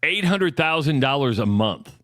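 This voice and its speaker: A man co-hosting a sports talk radio show, laying out facts and figures in a measured way with some stumbling restarts. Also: on the high side, sing-song, bright, forceful tone, dry recording, clean studio sound.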